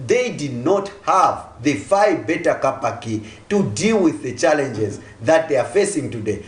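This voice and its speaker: Animated man arguing in an echoey studio. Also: fairly high pitch. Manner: forceful, rhetorical, repeats key phrases. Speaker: political guest. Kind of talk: studio talk-show argument.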